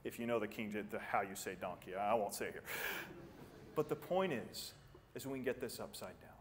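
A man preaching a sermon as pastor, earnest and animated, jumping up in pitch for emphasis and then dropping quiet, often repeating words as he starts a thought. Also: fairly quick, slight background noise. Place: church sanctuary. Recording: church sanctuary with long reverb.

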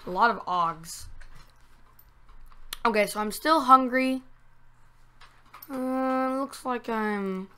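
A woman's voice: on the high side, slow, pauses often, clear, resonant tone. A woman giving casual let's-play commentary from a home setup, talking to the game and bursting into squeals and groans. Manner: excitable, talks to the game, sudden squeals and groans. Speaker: gameplay commentator.

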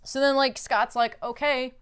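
A woman co-host chats casually through a comic recap, animated and full of "like". Her voice sits a bit high for a woman. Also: brisk. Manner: animated storyteller, filler "like". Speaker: podcast co-host.

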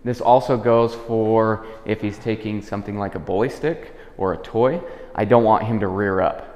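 A man working as a dog trainer, calmly explaining a demonstration and giving soft commands to a dog indoors in a house. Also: fairly low pitch, normal speed. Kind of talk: instructional demonstration. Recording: echoey room with long reverb, dull lo-fi sound.

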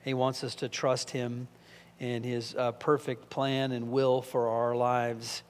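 A man's voice: mid-range voice, little pitch movement, slow pace, in a large hall. A man giving a conversational verse-by-verse Bible teaching, full of rhetorical questions and fillers.

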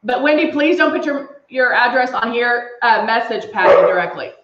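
A woman's voice: fairly high pitch, expressive, moderate pace, very noisy. A woman doing a casual live makeup tutorial, chatting through each step and reading comments from viewers. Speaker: makeup demonstrator on a livestream. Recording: echoey room, slightly dull sound.

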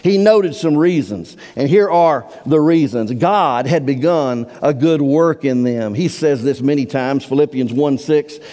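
A man's voice: medium pitch, a little slow, hardly any pauses, warm tone. A man preaching a sermon as pastor, earnest and emphatic, drawing out key words. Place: church sanctuary. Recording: long reverb of a church hall.

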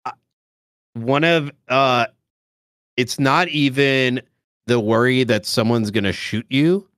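A man's voice: medium pitch, takes it slowly, fairly bright tone, dry recording, studio quality. A man hosting a casual chat, laid-back and slangy, often restarting his sentences. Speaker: host streamer. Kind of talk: casual chat about roleplay gaming.

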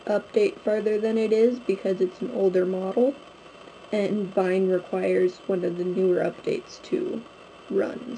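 A woman's voice: mid-range voice, dark tone, a little hiss or hum, rough recording. A young woman from Canada chatting casually to her camera at home, rambling with many fillers. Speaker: vlogger. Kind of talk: casual vlog chat to camera. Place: at home, indoors. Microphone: handheld camera, close.

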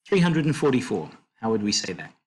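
A man tutoring a language lesson, explaining slowly and patiently with fillers and self-corrections. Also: fairly low pitch, very animated, breathy edge.

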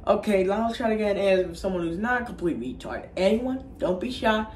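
A man's voice: high-pitched, lively intonation, fast, reverberant, a little hiss or hum. A young man voicing a snide, impatient middle-aged male schoolteacher in a casual, mocking impression.

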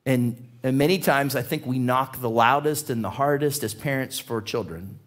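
A man preaching a sermon as a pastor, telling a personal story in an animated way, his voice climbing as the tale builds. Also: medium pitch, moderate pace. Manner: animated storyteller, voice rising with excitement. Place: church.

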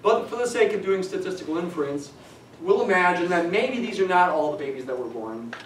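A man's voice: sits high, animated, a little fast, slight background noise. A middle-aged man teaching a statistics class, chatty and digressive with dry humor. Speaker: statistics lecturer. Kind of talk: classroom lecture. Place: lecture classroom. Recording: echoey classroom from a distance.

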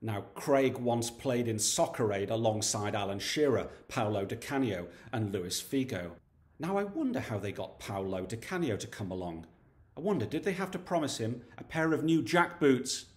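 A man delivering a scripted comedy monologue with deadpan, laddish banter. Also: medium pitch, moderate pace. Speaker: comedy YouTuber.

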